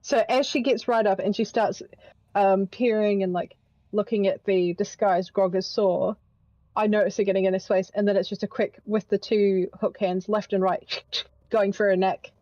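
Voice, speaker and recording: A woman's voice: medium pitch, fairly even intonation, moderate pace, dark tone, no room sound, dull audio. A woman playing in a tabletop game online, talking eagerly and stumbling over her words as she plans and describes attacks. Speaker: player.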